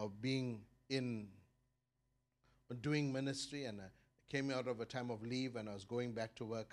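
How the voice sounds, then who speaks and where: A middle-aged man preaching a sermon as pastor, with his voice swelling loud and high on key points and then dropping low, often repeating words as he builds a thought. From South Africa.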